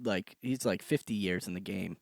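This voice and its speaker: A young man co-hosting a podcast, joking and laughing often in relaxed casual banter. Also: sits low, normal speed, creaky, dry recording, studio quality. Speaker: podcast co-host, regular comedian. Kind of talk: casual chat.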